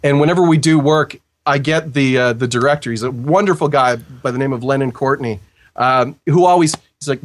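A man's voice: medium pitch, fairly quick. A Canadian man, a voice actor, chatting casually as a podcast guest, joking and rambling with lots of fillers. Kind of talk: casual chat.

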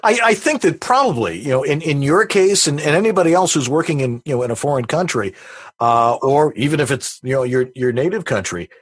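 A man hosting a casual interview, asking questions in a halting way and searching for words. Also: on the high side, expressive, husky, no room sound. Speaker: podcast host.

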